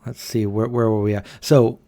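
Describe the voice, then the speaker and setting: A man's voice: on the low side, little pitch movement, moderate pace, dark tone. A man in his thirties hosting a casual late-night livestream at home, chatting loosely and reading out viewer comments. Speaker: livestream host.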